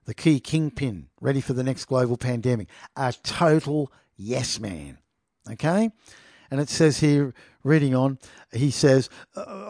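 A man's voice: a little high, dark tone, dry recording, studio quality. A man reading a news article aloud and commenting on it in an indignant, mocking tone, often addressing his listeners as "people.". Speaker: online political commentator.

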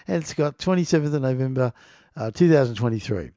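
A man's voice: medium pitch, lively intonation, quick pace, mellow, no echo, studio quality. A man reading news aloud and commenting casually, sarcastic, laughing often and stumbling over hard words.

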